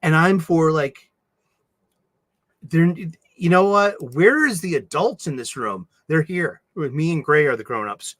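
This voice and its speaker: A man chatting casually on a livestream, rambling and animated, often breaking into laughs. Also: a little high, a little slow, no room sound. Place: home studio.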